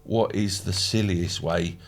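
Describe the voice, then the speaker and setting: A man's voice: deep voice, fairly even intonation, a little slow, slight background noise. A middle-aged man, a company founder guesting on a podcast, joking and rambling with fillers. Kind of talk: casual podcast chat.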